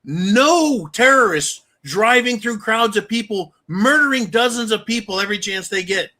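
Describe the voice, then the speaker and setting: Man, angry profane rant, bright edgy tone, raised pitch. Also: expressive, moderate pace. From United States. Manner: profane, ranting, heated. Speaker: channel host.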